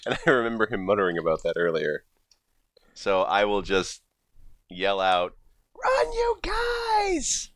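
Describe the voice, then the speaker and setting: A player at a tabletop game chatting casually, lively and given to loud high cries. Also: moderate pace, pauses often, a little hiss or hum.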